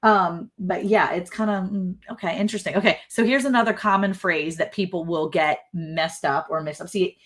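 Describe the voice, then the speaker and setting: A woman's voice: fairly low pitch, normal speed, hardly any pauses. A woman hosting a casual live chat, telling stories and laughing often. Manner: chatty, laughing, storytelling. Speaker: live stream host.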